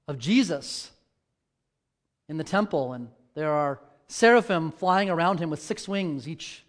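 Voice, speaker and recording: A church elder preaching a sermon, moving between scripture reading, a quiet prayer and personal stories with loud dramatic peaks. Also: male voice, fairly high pitch. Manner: reads scripture, prays softly, then tells stories and rises to loud dramatic peaks.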